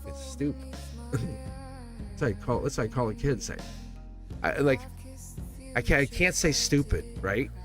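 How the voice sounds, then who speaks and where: A man's voice: mid-range voice, lively intonation, a little slow, long pauses. A man giving a live-stream tarot reading in a chatty, teasing way, often laughing. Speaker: tarot reader. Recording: music playing behind the voice. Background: background music.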